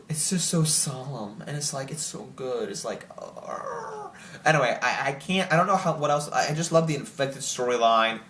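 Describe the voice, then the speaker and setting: A young man chatting casually to camera as host, excited and rambling with lots of filler words. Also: medium pitch, a little hiss or hum. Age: young adult. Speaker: channel host ranking TV shows. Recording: roomy echo.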